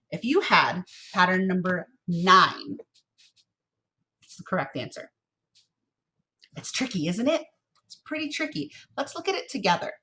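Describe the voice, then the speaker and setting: This young adult woman's mid-range voice is expressive and a little slow, with long pauses, as she leads a children's music class. Working from her home office through a computer mic, she's playful and encouraging, chanting rhythm syllables clearly like a teacher.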